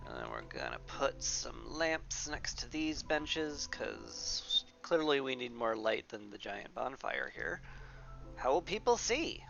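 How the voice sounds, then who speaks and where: A woman's voice: rumbling low, very animated, takes it slowly, creaky, hardly any pauses, fairly bright tone. A woman streamer with a stuffy nose, chatting wryly to herself as she plays a game. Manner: wry, sarcastic self-talk. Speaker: gaming streamer. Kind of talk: let's play commentary. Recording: slightly dull, faint music behind.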